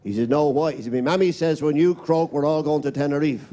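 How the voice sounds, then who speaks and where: A man's voice: a little high, mellow. A male stand-up comedian with an Irish accent, firing off one-liners on a live stage. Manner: rapid one-liners, quick punchlines.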